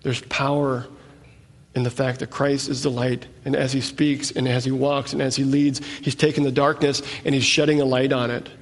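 A man's voice: mid-range voice, level tone, normal speed. A man teaching a sermon, reading scripture aloud and explaining it in plain conversational asides. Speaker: preacher. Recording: echoey hall with long reverb.

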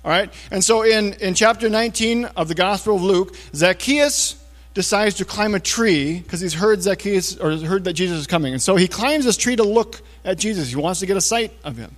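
A man preaching a conversational sermon, checking in with listeners with little asides and often dropping to a low, hushed voice for emphasis. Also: moderate pace. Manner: casual, talks to listeners with frequent checks like "okay?" and "all right?". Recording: long reverb of a large hall.

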